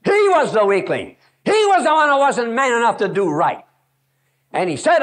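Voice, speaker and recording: A man's voice: very high voice, big pitch swings, normal speed, fairly bright tone. A man preaching a sermon at a youth camp, emphatic and repetitive, telling stories to drive his point home.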